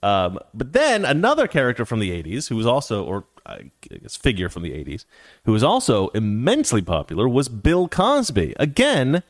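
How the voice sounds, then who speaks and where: Male commentator, sarcastic and animated, a dry close sound, lively up-and-down pitch. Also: moderate pace, no echo. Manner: sarcastic, animated, reads quotes aloud. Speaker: commentary host. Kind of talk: casual opinion commentary.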